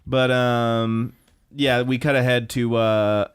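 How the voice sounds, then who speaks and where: Young male podcast co-host, mid-range voice, casual, excitable and profane, lots of laughter and "like"s. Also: mid-range voice, slow pace, clean tone. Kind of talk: casual podcast chat recapping an anime.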